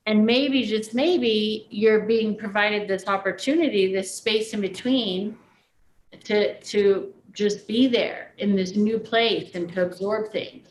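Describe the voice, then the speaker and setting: A woman's voice: fairly high pitch, steady tone, a little slow, poor audio. A woman talking with a student in a casual, reflective coaching style, with many filler words.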